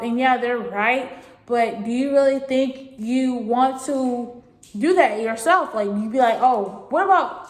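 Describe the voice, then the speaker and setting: A woman's voice: a little high, measured pace. A teenage girl giving casual, rambling advice to her viewers, repeating her points earnestly. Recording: echoey room.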